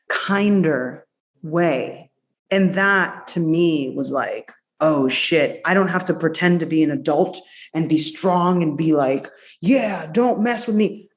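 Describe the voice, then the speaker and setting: Effusive woman doctor, low voice. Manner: effusive, playful, swings between quick and drawn-out phrases. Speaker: guest, a doctor. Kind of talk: casual interview chat.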